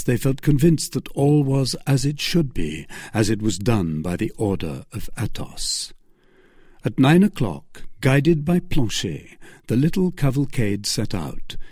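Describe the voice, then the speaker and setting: A man narrating a classic adventure novel in a measured, expressive storytelling manner, close to the mic. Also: mid-range voice, slightly rough, no room sound. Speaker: audiobook narrator.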